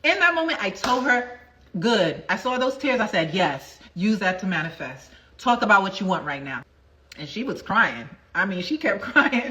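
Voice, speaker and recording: Emphatic, bright-voiced woman coach. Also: fairly high pitch, poor audio. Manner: emphatic, repeats phrases for effect; chatty storytelling with asides to viewers. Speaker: manifestation coach. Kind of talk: motivational livestream talk.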